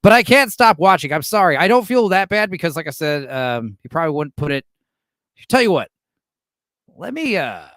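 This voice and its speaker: Streamer host, man in his thirties, swears freely, bouncy delivery, slightly raised pitch. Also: moderate pace, no room sound, studio quality. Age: 30s. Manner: animated, profane, laughs often. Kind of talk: live reaction stream commentary.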